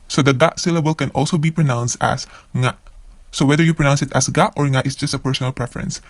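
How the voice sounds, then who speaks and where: Guy from the philippines teaching vocab, says every word twice then explains, middle pitch. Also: steady tone, fast, no room sound. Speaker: Japanese learner teaching vocabulary. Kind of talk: vocabulary lesson.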